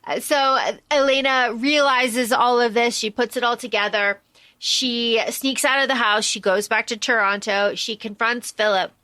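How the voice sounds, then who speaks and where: A woman's voice: on the high side, moderate pace, no room sound. A woman co-hosting a podcast, chatting casually about a book and acting out lines from the story as she retells it. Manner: animated, acts out character lines while retelling the plot. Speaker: podcast co-host.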